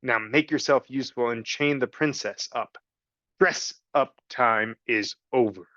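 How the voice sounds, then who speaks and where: A man reading a storybook and voicing a cruel, scheming male rat villain, cold and slow. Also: medium pitch, pushed and bright, dry recording, lo-fi sound. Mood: sneering. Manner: cold, sneering, slow and deliberate.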